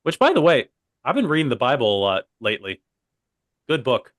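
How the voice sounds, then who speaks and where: His mid-range, fairly bright voice swoops wildly in pitch and moves a little fast. This young man co-hosts a casual comedy podcast, rambling digressively and dropping "by the way" constantly, recorded close and dry without room echo.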